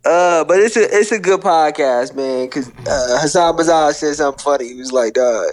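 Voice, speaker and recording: A man's voice: on the high side, normal speed. A man co-hosting a podcast, telling stories in a rambling casual way, full of hesitations. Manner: rambling, hesitant with many uhs. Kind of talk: casual banter.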